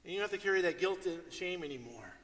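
A man's voice: high voice, quick pace. A male pastor preaching a sermon, telling stories and acting out what people said. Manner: animated storytelling, acts out quotes. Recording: long hall reverb.

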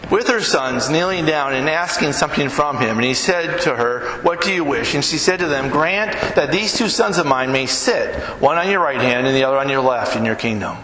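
Conversational preacher in an echoey hall. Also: male voice, medium pitch, expressive, moderate pace, hardly any pauses, pushed and bright, a little hiss or hum. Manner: conversational, asks the listeners questions. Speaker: pastor. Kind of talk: sermon.

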